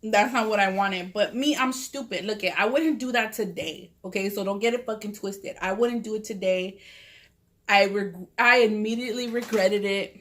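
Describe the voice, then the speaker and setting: A woman's voice: medium pitch, normal speed, fairly bright tone. Profane, rambling woman. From Southern California. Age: 30s. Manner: profane, rambling, lots of "like" fillers. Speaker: mukbang vlogger. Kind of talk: casual storytelling while eating. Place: at home with a cat.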